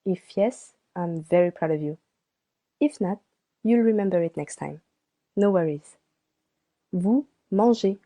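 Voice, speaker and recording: A woman teaching a beginner French lesson, slowly spelling out and repeating each word for practice. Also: on the low side, mellow. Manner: slow and deliberate, repeats words for practice. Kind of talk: slow scripted language lesson.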